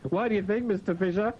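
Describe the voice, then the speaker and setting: A man hosting breakfast radio, reading the news and mocking it with jokey asides and mumbled fillers. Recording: dull lo-fi radio broadcast with faint rumble.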